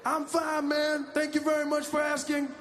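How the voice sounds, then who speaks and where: A streetwise suspect, barricaded in and refusing to come out, yells every line in a strained, very high voice, as a man acts him out on stage. He clings to blunt slang and won't give an inch. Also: monotone, moderate pace, crowd noise, background noise. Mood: defiant. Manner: shouting, defiant slang. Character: cornered male suspect barricaded, defiant, streetwise. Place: large live comedy venue.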